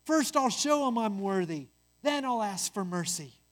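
A guilt-ridden youngest brother who keeps working out of shame, read by a storyteller. His voice is earnest and anxious, set a touch higher than the narration. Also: expressive, a little slow, lightly acted.

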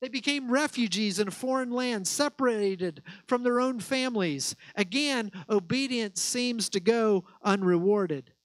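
A man delivers a sermon in a high, earnest voice, leaning into key words by slowing down. The sound is dry and close, with no room echo. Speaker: pastor.

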